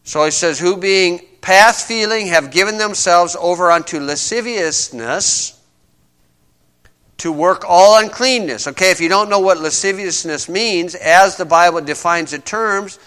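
A man's voice: sits high, unhurried, sharp tone, clear, resonant tone. A man preaching a sermon to a congregation in a conversational way, asking his listeners questions as he reads verses. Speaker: pastor.

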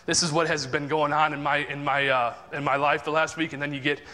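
A man's voice: fairly high pitch, level tone, fairly quick, bright, forceful tone, long reverb tail. A man giving a candid, rambling devotional talk about his own pride, acting out his inner thoughts as quotes. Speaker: Christian speaker sharing a testimony. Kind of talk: casual spoken devotional talk.

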